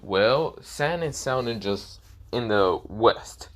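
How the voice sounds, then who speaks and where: A man casually improvising a fan fiction story, rambling and filling pauses as he searches for words. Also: mid-range voice, a bit bright. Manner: rambling, full of fillers and self-corrections.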